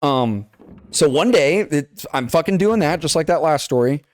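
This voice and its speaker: On a podcast, a young male co-host relates a childhood memory casually, cursing freely and acting out the lines of dialogue with animation. His pitch is fairly high and his speed normal, in clean studio sound without echo.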